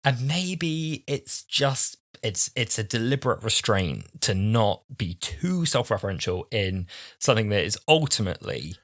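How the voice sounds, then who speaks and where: A man's voice: on the low side, expressive, fairly bright tone, dry recording, clean studio sound. A man in his twenties co-hosting a podcast, chatting casually and thoughtfully through a TV episode review. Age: 20s. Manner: chatty, reflective, quick asides. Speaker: podcast co-host.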